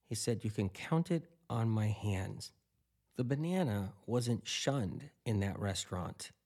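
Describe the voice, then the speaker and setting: A man's voice: fairly low pitch, a little mellow. A man eating and talking casually, rambling through anecdotes with lots of quoted dialogue. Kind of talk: casual storytelling monologue.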